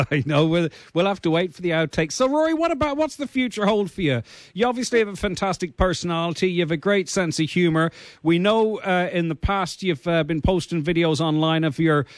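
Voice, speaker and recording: A male radio host chatting casually on a weekend show, his talk loose and full of fillers. His voice sits high. The studio sound is close and dry. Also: lively intonation, brisk, no room sound. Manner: conversational, filler-heavy presenting.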